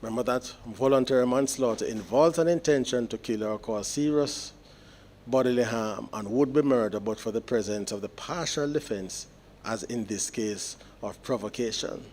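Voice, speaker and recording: A man, a judge delivering sentencing remarks in court in a measured, explanatory way with deliberate pauses. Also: medium pitch, darkish tone, a little hiss or hum.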